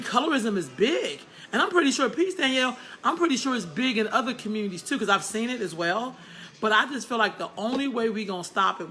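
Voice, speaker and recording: A middle-aged woman hosting a candid monologue, blunt and animated, often laughing as she talks straight to her viewers. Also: medium pitch. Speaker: host.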